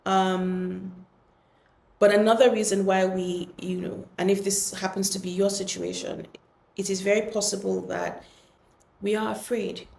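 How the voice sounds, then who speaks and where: A woman hosting a podcast, speaking earnestly and gently in a reflective solo talk, with many pauses and restarts. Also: mid-range voice, flat delivery, creaky, echoey room, a little hiss or hum. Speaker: podcast host.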